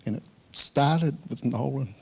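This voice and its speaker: A man giving a eulogy at a memorial service, halting with many fillers and restarts. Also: medium pitch, gravelly, darkish tone, slightly rough. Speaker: eulogy speaker. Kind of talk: memorial speech.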